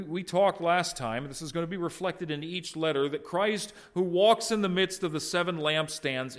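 A man preaching an expository sermon, swinging from loud emphatic peaks to soft low endings, with conversational asides to the congregation. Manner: conversational, teases congregants by name. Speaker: pastor.

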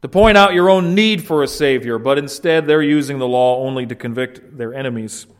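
Speaking fairly quickly at a medium pitch, this pastor works through an expository sermon with earnest emphasis. He frequently restarts phrases, and his stress rises as he teaches.

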